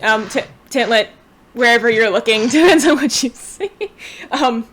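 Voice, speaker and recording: A woman's voice: fairly high pitch, moderate pace, a bit bright. A woman running a tabletop game as game master, describing the scene loosely and in detail over a home mic on a voice call.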